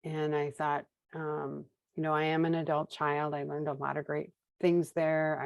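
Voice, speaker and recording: A woman's voice: deep voice, creaky, a little mellow, no room sound, rough recording. A woman in her fifties from Minnesota, candidly telling her recovery story as a guest, with wry humor and acted-out dialogue. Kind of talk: casual personal storytelling.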